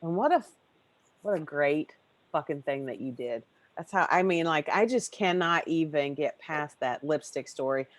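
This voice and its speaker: A woman's voice: deep voice, expressive, normal speed. A woman hosting a podcast, talking in an effusive, rambling way and swearing casually. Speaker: podcast host.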